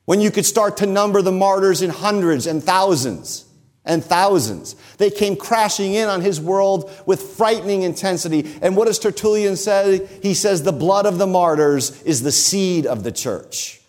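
Emphatic male preacher, slightly higher voice. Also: a little mellow. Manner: emphatic, slows down to stress key phrases. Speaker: pastor. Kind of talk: sermon.

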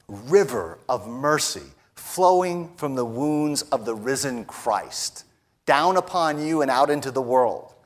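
A man with a voice on the higher side delivers a sermon. He stresses his points, drops to hushed lines, then rises to bold declarations. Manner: emphatic, often adds a tag question "right?"; moves between hushed lines and raised declarations. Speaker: preacher.

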